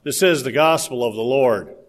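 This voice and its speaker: A man reading a Gospel passage aloud in a formal, measured liturgical style. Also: mid-range voice. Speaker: scripture reader.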